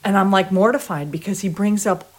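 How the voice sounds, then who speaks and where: A middle-aged woman from Chicago, a tap dancer and guest, telling a story casually with excitement and acting out the people in it. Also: medium pitch, brisk. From Chicago, USA. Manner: excitable, animated, acts out the people in her story.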